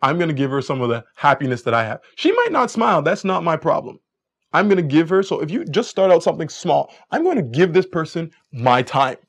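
Energetic male dating coach lecturing. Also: fairly quick, vocal fry, breathy edge. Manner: energetic, acts out quotes in higher voices.

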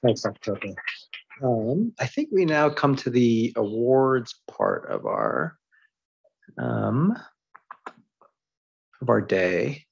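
A man hosting an academic awards session, his voice husky and a little breathy. He talks in a halting way with many pauses and restarts. The audio is dull and muffled. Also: mid-range voice, sing-song. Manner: halting, with frequent ums and restarts. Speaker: event host announcing awards.

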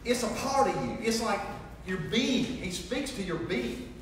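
High-voiced preacher in echoey hall. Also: male voice, measured pace, slight background noise. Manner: animated storytelling, acting out dialogue. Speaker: preacher giving testimony. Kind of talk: sermon testimony. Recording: echoey hall, mic far off.

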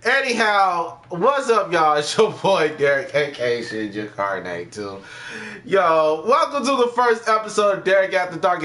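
A young man hosting a casual gaming vlog, excitable and slangy, quick to exclaim. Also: a little high. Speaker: gaming channel host.

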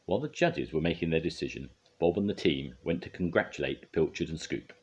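An older man reading a children's storybook aloud in a gentle, expressive way. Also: a bass voice, a little fast, slight background noise.

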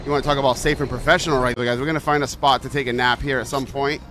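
A man's voice: medium pitch, steady tone, racing, bright, forceful tone, a little hiss or hum. A man streaming a truck-driving game, chatting with viewers and yelping at near misses. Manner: greets chat viewers by name. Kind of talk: live-stream gameplay commentary.

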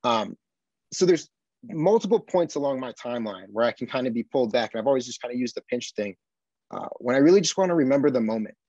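A man from the United States, a podcast guest, telling his experiences in an earnest, animated way with frequent tag questions. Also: mid-range voice, fast, dry recording, lo-fi sound. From Buffalo, USA. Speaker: podcast guest, army veteran. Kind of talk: casual conversation.

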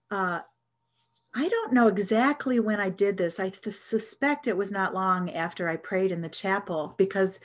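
A middle-aged woman telling a personal story in an earnest, reflective way, with hesitant restarts. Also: medium pitch. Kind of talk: storytelling talk.

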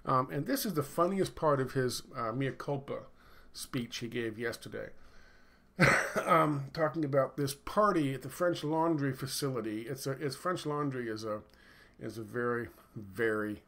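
A man's voice: medium pitch, normal speed, creaky, a bit bright. A middle-aged man ranting in a casual commentary, sarcastic and profane, rambling with lots of fillers. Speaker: video commentator.

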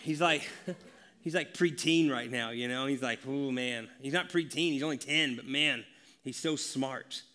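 A male pastor giving a conversational church sermon, animated and laughing as he acts out family stories. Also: medium pitch, unhurried. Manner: animated, laughing, acting out dialogue. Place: church sanctuary.

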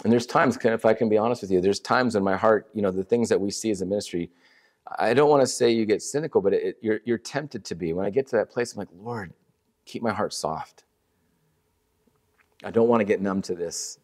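A man's voice: lowish voice, fast, a little mellow. A middle-aged man preaching to a church, earnest and conversational, telling a story with many restarts. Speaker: ministry leader speaking at a church. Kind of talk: sermon with storytelling.

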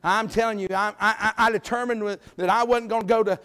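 A middle-aged man preaching a sermon in a church, folksy and emphatic, swinging between loud calls and quiet asides. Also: sits high, fairly even intonation, a little fast, clean tone. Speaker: guest preacher. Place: church sanctuary.

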